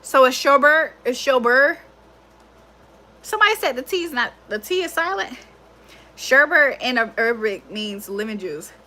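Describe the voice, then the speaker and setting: A woman's voice: high voice, expressive, normal speed, bright, forceful tone. A young woman hosting a livestream, chatting casually and animatedly, laughing often and swearing freely. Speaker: livestream host.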